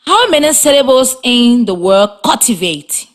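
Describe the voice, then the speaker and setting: A Liberian woman teacher leads a children's reading lesson. She speaks slowly and clearly, her pitch rising and falling in a lively way. Her delivery is patient and encouraging.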